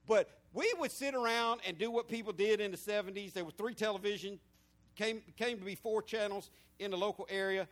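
A man, preaching a sermon in a lively storytelling way that swings between loud and hushed. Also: sits high, fairly quick. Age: 50s.

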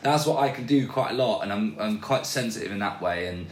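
A man speaks as a podcast guest in a relaxed, halting way, often restarting his sentences. His voice sits fairly low. The recording carries a noticeable room echo. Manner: hesitant, with many restarts and fillers. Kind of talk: casual conversational interview. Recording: roomy echo.

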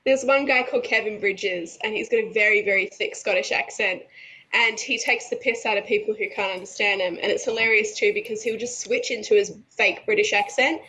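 Bright-voiced woman co-host, lively, laughs easily in casual chat. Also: mid-range voice, fairly quick, rough recording. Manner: animated, laughs often while talking. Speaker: podcast co-host.

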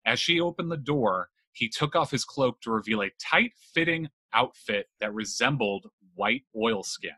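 A man's voice: medium pitch, lively intonation, normal speed, few pauses, pushed and bright, breathy edge, no room sound. A man hosting a casual chat, telling a spooky legend with jokes and swearing. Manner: joking, swears freely, laughs while telling. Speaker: podcast host telling a legend.

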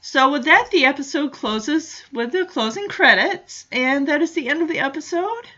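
A woman's voice: high-pitched, lively intonation, moderate pace, bright, forceful tone, dull audio. A woman hosting a podcast, chatting casually through a recap with many "you know" fillers. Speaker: podcast host.

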